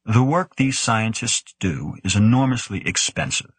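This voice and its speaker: A man voicing a stern, brooding male official who speaks gravely. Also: lowish voice, lively intonation, measured pace, dry recording, exaggerated voice.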